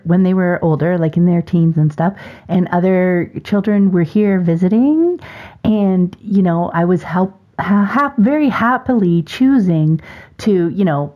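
A woman co-hosting a casual podcast conversation, telling stories in a chatty, animated way and often correcting herself mid-sentence. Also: lowish voice. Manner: chatty, animated storytelling with laughs and self-corrections. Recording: dull lo-fi recording.

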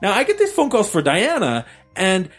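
A man hosting a podcast, telling a rambling story in an animated, joking way. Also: high voice, moderate pace, faint music behind. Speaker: podcast host. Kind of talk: casual chat.

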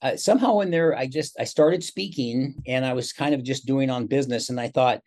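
A man's voice: medium pitch, fairly quick. Chatty older man telling stories. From Seattle, USA. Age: 60s. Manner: chatty, animated storyteller with quoted dialogue. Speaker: guest, motivational speaker. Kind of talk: casual interview storytelling.

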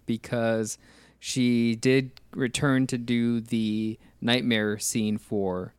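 A man's voice: mid-range voice, level tone, extremely slow, clear, resonant tone, dry recording. A man casually discussing movies on a podcast, rambling and full of questions and restarts.

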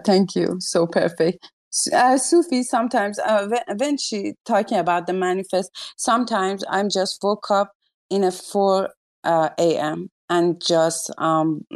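A woman's voice: on the low side, fairly even intonation, measured pace. A woman hosting a live audio chat, effusive and exclaiming often, speaking in broken non-native English.

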